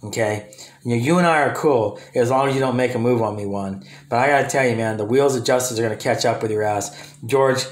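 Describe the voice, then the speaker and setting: A man's voice: medium pitch, fairly quick. Angry ranting guy calling people out to the camera, mid voice, echoey room. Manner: confrontational, addresses absent people directly; repetitive, restarts sentences. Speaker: vlogger. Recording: roomy echo.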